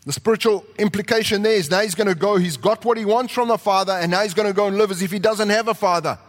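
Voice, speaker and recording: High-voiced preacher in a reverberant hall. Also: male voice, fast. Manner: animated preaching, rising to shouts, acting out quotes. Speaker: pastor. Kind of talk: sermon. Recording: long reverb of a large hall.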